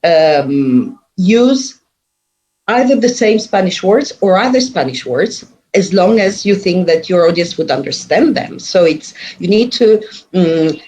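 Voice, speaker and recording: An academic presenter giving a recorded conference talk, hesitant, with frequent fillers and restarts. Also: mid-range voice.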